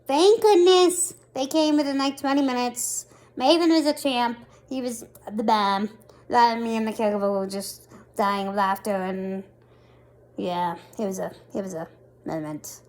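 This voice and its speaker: A woman vlogger in her thirties, telling a story in a casual, animated and self-mocking way. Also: fairly high pitch, moderate pace.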